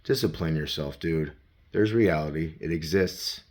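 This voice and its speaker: Low-voiced man rambling to himself. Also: measured pace. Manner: talks to himself in second person, profane. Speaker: vlogger. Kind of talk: rambling self-talk vlog. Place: around his home and garage. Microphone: handheld phone.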